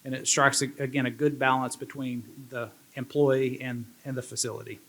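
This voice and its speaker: A man's voice: mid-range voice, flat delivery, moderate pace, a bit bright. A man speaking as a state representative at a fundraising banquet, earnest and prone to restarting his sentences. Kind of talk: banquet speech.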